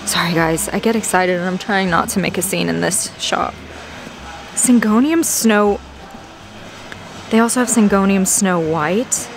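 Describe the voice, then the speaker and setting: A woman plant vlogger chatting casually as she browses a big box store garden center, easily excited. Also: mid-range voice, unhurried, pauses often, faint music behind. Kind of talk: casual walk-through narration.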